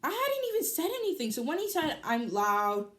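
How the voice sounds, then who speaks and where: Teen girl vlogger, loud and animated, casual storytime chat. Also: high voice, normal speed. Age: teens.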